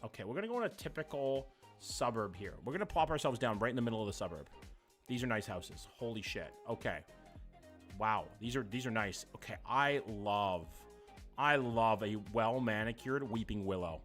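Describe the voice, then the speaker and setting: Animated man streaming live. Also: lowish voice, moderate pace, faint music behind. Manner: animated, profane, jokey. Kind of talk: live-stream commentary, reacting and reading chat.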